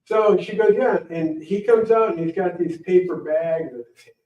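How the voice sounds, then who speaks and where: A middle-aged man giving a talk at a library, telling a rambling personal story in an animated way and acting out the people in it. The recording is dull and echoey, taken from a distant mic. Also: high voice, moderate pace. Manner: animated, rambling, acts out voices. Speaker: guest speaker. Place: library event room.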